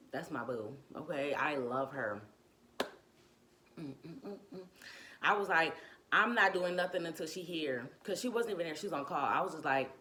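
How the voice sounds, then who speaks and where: A young woman telling a casual storytime about giving birth, animated and slangy, acting out what people said. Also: low voice, background noise. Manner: animated, slangy, acts out quotes, laughs often.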